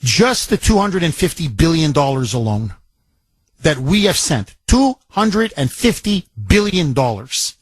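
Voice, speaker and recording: An American man hosts talk radio from the studio, hammering his points with emphatic repetition. His voice sits a little high for a man and has a slightly husky edge. The sound is close and dry. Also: big pitch swings, measured pace, dry recording. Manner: emphatic, repetitive, quoting listeners in his own voice. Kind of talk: opinionated talk radio monologue.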